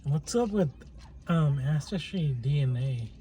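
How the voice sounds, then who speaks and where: A man's voice: a little high, lively intonation, unhurried, mellow. A man talking to camera in a casual rambling monologue, hesitant, with many restarts and fillers. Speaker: channel host. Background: faint plane and traffic noise.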